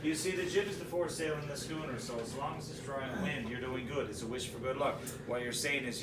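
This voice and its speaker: A man's voice: medium pitch, quick pace, few pauses. A man with a Newfoundland accent, hosting a comic screech-in ceremony and drilling a group through local phrases in a playful, teasing way. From Newfoundland, Canada. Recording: echoey room, distant mic, loud background noise.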